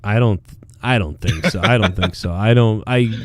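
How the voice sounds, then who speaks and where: A man's voice: lowish voice, normal speed, no room sound. Man, podcast host, heated, rambling, swearing, dry close sound. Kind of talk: casual profane chat.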